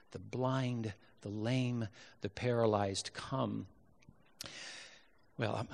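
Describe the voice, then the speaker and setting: A middle-aged man preaching a sermon in church, reflective, often repeating phrases and swinging from loud emphasis to hushed asides. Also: medium pitch, gravelly, husky, in a large hall. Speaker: pastor.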